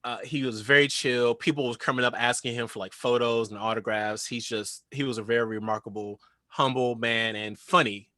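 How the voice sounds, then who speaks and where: Bright-voiced animated male storyteller. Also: mid-range voice, fairly quick, no echo, clean studio sound. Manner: animated storyteller, acts out quotes. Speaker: co-host. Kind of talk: casual chat, storytelling.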